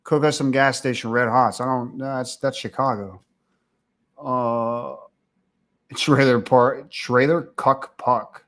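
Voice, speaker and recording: A man's voice: medium pitch, slow pace, fairly bright tone. A man hosting a livestream, ranting casually with crude, profane mockery. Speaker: livestream host.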